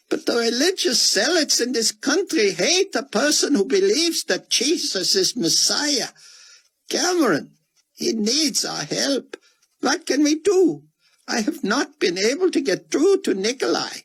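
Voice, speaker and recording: A man voicing an elderly male scholar who pleads anxiously in a high, urgent voice. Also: a bit bright, slightly rough, full character voice, rough recording.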